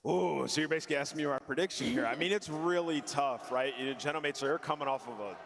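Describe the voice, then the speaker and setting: A man giving esports predictions at a broadcast desk, relaxed and thinking aloud. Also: a little high, quick pace, vocal fry, long reverb tail. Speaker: esports analyst. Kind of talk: broadcast analysis.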